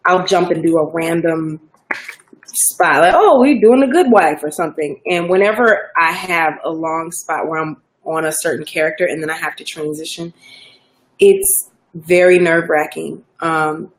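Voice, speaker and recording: Low-voiced Southern woman, chatty. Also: normal speed. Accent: Southern American. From Georgia, US South. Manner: relaxed, chatty, many fillers and restarts. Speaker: actor guest. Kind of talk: casual interview chat.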